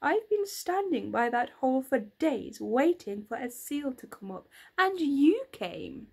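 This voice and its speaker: Woman putting on a soft, snowy-voiced snowman. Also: high-pitched, sing-song, a little slow, vocal fry, slightly rough, full character voice. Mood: delighted. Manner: eager and chatty. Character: cheerful lonely male snowman.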